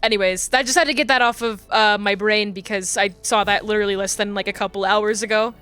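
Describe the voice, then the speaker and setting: A woman's voice: mid-range voice, steady tone, fast talker, fairly bright tone, clear, resonant tone, soft background music. A young adult woman streamer chatting casually and rambling with many fillers while playing a game. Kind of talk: casual chat while gaming.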